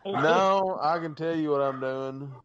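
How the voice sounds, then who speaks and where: A man's voice: fairly high pitch, a little slow, a crowd in the background. A man co-hosting a podcast, making sheepish joking asides in casual chat. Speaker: podcast co-host. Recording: dull lo-fi sound.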